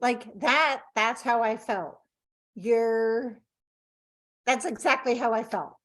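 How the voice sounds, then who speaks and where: A middle-aged woman hosting a podcast interview, speaking gently and in a measured way from her own experience. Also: on the high side. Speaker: podcast host. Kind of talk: conversational interview.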